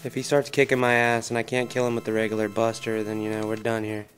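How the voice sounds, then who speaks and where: A man's voice: lowish voice, little pitch movement, quick pace, faint music behind. A man commenting on his own video game play, swearing heavily and ranting in frustration. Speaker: gaming commentator. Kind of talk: angry let's-play commentary.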